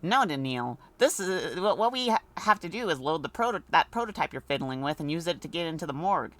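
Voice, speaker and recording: A pedantic, detail-obsessed male assistant in a video game, voiced by a woman. The voice sits very low for her and stays dry and matter-of-fact, lecturing his chief. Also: big pitch swings, brisk.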